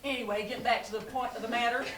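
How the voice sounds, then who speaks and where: An actress playing a gruff, salty-tongued veteran diner waitress, talking bluntly. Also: female voice, on the high side, steady tone, very fast, far from the mic, natural voice. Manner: blunt, salty, down-home drawl. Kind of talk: stage acting in a live play. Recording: echoey stage from afar, audience laughter, loud hiss.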